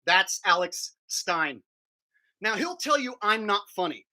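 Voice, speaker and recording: A man's voice: high voice, very animated, a little slow, pushed and bright. A man ranting crudely and combatively on a livestream, talking while eating. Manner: talks while chewing food. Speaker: streamer. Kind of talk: profane livestream rant.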